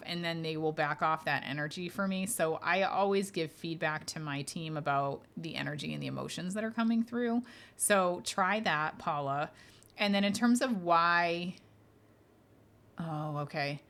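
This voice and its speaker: Answering listener questions on her casual podcast, a woman who works as a medium sounds chatty and comforting, filling pauses often and laughing lightly. Her voice is low-pitched and slightly bright, with a measured pace.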